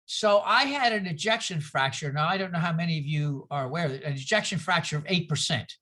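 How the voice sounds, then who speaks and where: A man's voice: on the high side, animated, quick pace, bright, forceful tone. Earnest, rambling man on a video call. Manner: earnest, rambling storyteller with many restarts. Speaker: discussion group facilitator. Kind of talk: casual group discussion.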